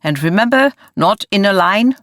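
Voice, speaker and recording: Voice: mid-range voice, normal speed, no room sound, clean studio sound, lightly acted. A narrator voicing a slight, nervous male crew boss with stiff, formal, accented English. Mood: commanding.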